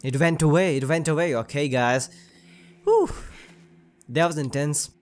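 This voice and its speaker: A young man commentating his gameplay in a joking, excitable way, swearing often. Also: fairly high pitch, measured pace. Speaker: gaming channel host.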